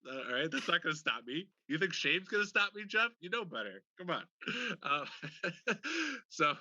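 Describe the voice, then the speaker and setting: A man's voice: high-pitched, big pitch swings, normal speed, bright, forceful tone, dry recording, dull audio. A man hosting a casual podcast over a video call, teasing his guests and laughing often. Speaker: podcast host. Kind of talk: casual chat. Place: home room, remote video call.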